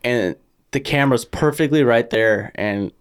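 Young male podcast co-host, mid-pitched, chatty storyteller who laughs a lot. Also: measured pace, smooth. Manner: storytelling, laughs often, acts out quotes. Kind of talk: casual chat.

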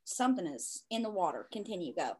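A woman with a Southern US accent co-hosts a podcast in a loose, chatty way. She jokes bluntly and swears without a second thought. Her pitch sits in a middle range for a woman. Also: big pitch swings, fast, mellow, husky. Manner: blunt and joking, swears freely. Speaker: podcast co-host. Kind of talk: casual chat.

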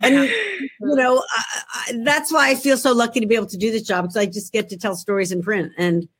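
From a work room at home, a middle-aged author with a Philadelphia accent talks over a laptop video call as a guest in a casual chat. She speaks a little fast, in a slightly high, somewhat bright and slightly rough voice, poking fun at herself.

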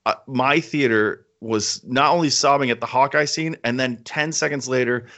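A man's voice: mid-range voice, moderate pace, bright, forceful tone. A man chatting casually as co-host, enthusiastic and rambling, often repeating himself. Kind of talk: casual chat. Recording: slightly dull lo-fi sound.

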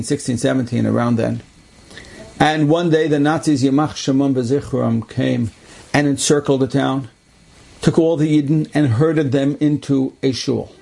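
A man with a husky, gravelly voice tells an inspirational story with earnest conviction. His tone is mellow and dark, and he often repeats phrases for weight. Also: on the high side. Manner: earnest, repetitive emphasis. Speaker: religious storyteller.

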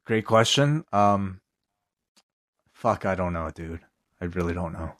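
Low-voiced man, offhand and hesitant. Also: lively intonation, measured pace, a bit bright. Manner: offhand, hesitant, swears casually. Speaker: podcast co-host. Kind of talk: casual chat.

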